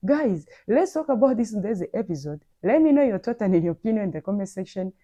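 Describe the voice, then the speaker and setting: A woman's voice: mid-range voice, big pitch swings, quick pace, mellow, highs cut off. A woman hosting a reaction commentary channel, talking in an incredulous, lecturing way.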